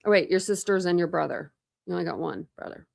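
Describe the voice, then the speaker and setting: A true crime channel host talks fast in a fairly low, slightly mellow voice with vocal fry, hosting a rambling, casual online chat. She laughs often as she browses videos and coos at her pets while talking to them. The clean studio recording has no echo.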